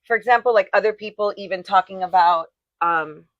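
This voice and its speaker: A woman's voice: medium pitch, a little fast, no echo, highs cut off. A woman co-hosting a casual chat show, talking in a chatty, rambling way with restarts. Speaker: co-host.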